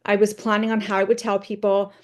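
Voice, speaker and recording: A woman at a middle pitch talks her team through a motivational training session. She speaks conversationally and keeps tagging her points with "right?" as she tells her own stories to make them land. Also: little pitch movement, fast.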